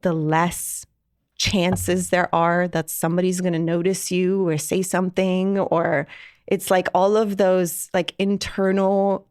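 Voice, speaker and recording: A woman's voice: on the low side, little pitch movement, slow, a little mellow, smooth, no room sound. Reflective woman from Iran, dry sound. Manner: reflective, frequent "like" fillers. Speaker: podcast guest. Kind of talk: candid personal storytelling.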